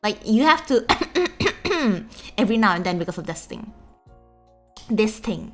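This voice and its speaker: A woman's voice: mid-range voice, very animated, a little slow, pauses often. Indonesian-accented girl streamer, giggly rambly chat, throat a bit sore, swoopy voice. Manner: chatty and giggly, rambling with many restarts. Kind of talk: casual chat reading out viewer messages. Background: faint background music.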